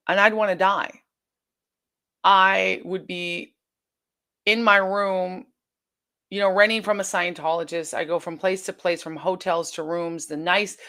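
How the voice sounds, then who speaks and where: A woman's voice: fairly low pitch, a bit bright. A woman telling her story as an interview guest, earnest and intense, often quoting her own past thoughts aloud. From United States.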